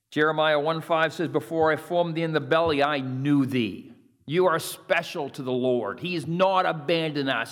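A man's voice: on the high side, fairly bright tone. Man preaching in a reverberant hall. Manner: preaching with rising emphasis on scripture readings; urging listeners to repeat phrases. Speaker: pastor. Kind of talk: sermon.

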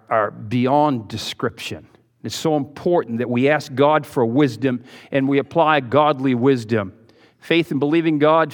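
A middle-aged pastor preaches a folksy, joking sermon, swinging between quiet asides and loud exhortation. A long reverb tail follows his words.

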